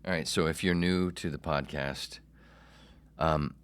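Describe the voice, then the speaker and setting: A man in his forties hosting a solo comedy podcast, brash and self-mocking, swearing freely and swinging between loud bursts and whispers. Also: very deep voice, steady tone, unhurried, clean tone. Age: 40s. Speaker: podcast host.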